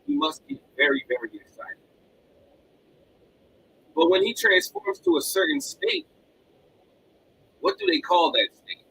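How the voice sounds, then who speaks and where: A man's voice: very high-pitched, unhurried, creaky, long pauses, a little hiss or hum, rough recording. A man hosting a live motivational podcast, talking energetically and repeating himself for emphasis. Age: adult with children. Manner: energetic, repetitive, animated delivery. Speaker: podcast host. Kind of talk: motivational live-stream talk. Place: home room with collectibles behind him.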